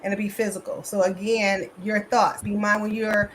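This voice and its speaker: A woman's voice: medium pitch, level tone, moderate pace, slight background noise. A woman therapist and coach, giving an emphatic, motivational conference talk over a video call. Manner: emphatic, motivational, addresses audience as y'all.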